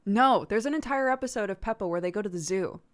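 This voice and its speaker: A woman hosting a livestream, chatting casually in an animated way, laughing often and swearing now and then. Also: mid-range voice, fast talker. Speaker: livestream host. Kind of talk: casual stream chat.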